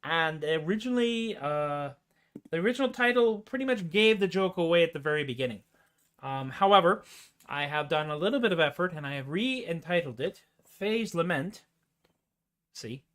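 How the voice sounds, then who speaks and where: A man hosting a folk music show, rambling between songs in a deliberately bad put-on Irish accent, self-deprecating. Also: on the high side, expressive. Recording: loud guitar music under the voice. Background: loud acoustic guitar.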